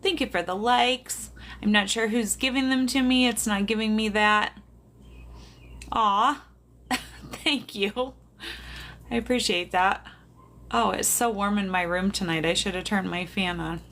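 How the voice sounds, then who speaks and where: A woman's voice: medium pitch, fairly even intonation, a little slow, long pauses, a bit bright. A woman from South Dakota, a medium, chatting casually with viewers on a livestream from her bedroom, laughing often. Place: bedroom at home. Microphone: phone or camera on a tripod.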